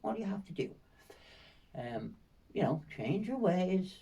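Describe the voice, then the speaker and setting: A kindly eccentric astrologer speaks in a soft, coaxing, musing way, drawing out his hums as he thinks, as a man puts him on. The tone is raised and mellow, and the voice sits a touch away from the microphone. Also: high-pitched, big pitch swings, slow pace, vocal fry, distant mic, pitched above the performer's own voice, exaggerated voice. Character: gentle eccentric older male astrologer mentor.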